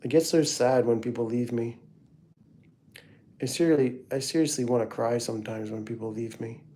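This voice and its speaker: A man's voice: medium pitch, fairly even intonation, normal speed, dark tone. A middle-aged man hosting a casual livestream, rambling through family photos and chatting to viewers by name. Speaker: livestream host.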